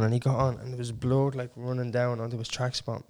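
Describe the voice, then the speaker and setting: A man's voice: mid-range voice, fast talker, few pauses. A young Irish man telling stories in a casual podcast chat, with lots of fillers and swearing. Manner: animated, swears, filler-heavy. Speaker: podcast co-host.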